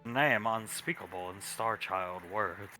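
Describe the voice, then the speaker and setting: A man's voice: fairly low pitch, slow, sharp tone, faint music behind, voice pushed down. A man voicing a brutish, dim-witted male creature who speaks in broken grammar. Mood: gruff. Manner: caveman-style broken grammar, gruff.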